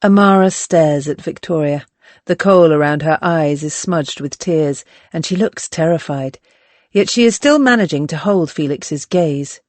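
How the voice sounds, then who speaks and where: A narrator reading a historical novel aloud in a steady, clear manner. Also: medium pitch, a little slow, no echo. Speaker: audiobook narrator. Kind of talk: audiobook narration.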